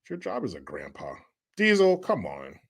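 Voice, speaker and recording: A man hosting a livestream, reading viewer chat aloud and bantering in a loud, profane, joking way, often laughing and teasing rival fans. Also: low voice, wildly swooping pitch, moderate pace. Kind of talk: casual chat.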